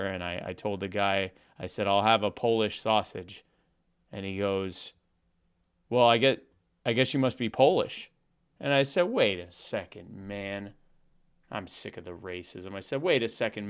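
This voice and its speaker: A man's voice: medium pitch, smooth. A man co-hosting a podcast, telling a long stammering joke and reading an ad in a rambling comic way. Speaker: podcast co-host. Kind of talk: comedic bit and ad read.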